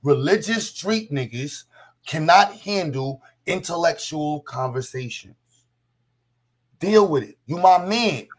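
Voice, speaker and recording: A man's voice: fairly high pitch, lively intonation, a little slow. A man hosting an online panel argument, blunt, profane and lecturing over a call mic.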